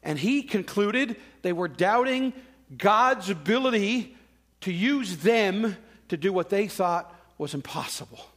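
Guy preaching, kinda high voice, talks like he's chatting, does little voices for the quotes. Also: expressive, measured pace. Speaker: pastor. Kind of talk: sermon.

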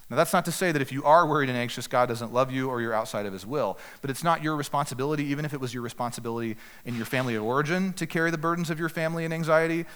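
Man, pastor delivering an earnest, exhorting sermon; average pitch, reverberant hall sound. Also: a bit bright, clean tone. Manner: earnest, direct exhortation with slow emphatic pauses. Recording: echoey hall with long reverb.

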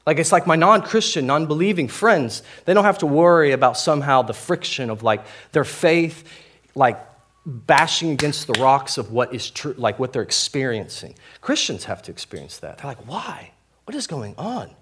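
Young male pastor, casual sermon delivery, candid and self-deprecating, mid-pitched voice. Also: moderate pace, a bit bright. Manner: candid, self-deprecating, full of fillers and restarts. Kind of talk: conversational sermon.

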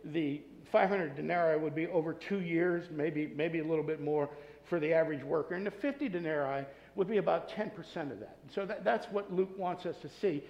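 High-voiced man preaching in an echoey church. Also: fairly quick, few pauses, lo-fi sound. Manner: earnest preaching, swinging between loud emphasis and soft asides. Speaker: pastor. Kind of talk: sermon. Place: church sanctuary with masked congregation.

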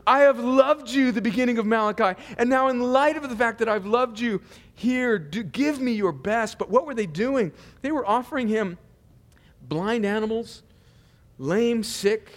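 High-voiced man preaching in a reverberant hall. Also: normal speed. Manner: conversational preaching with humor and asides. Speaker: pastor. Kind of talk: sermon.

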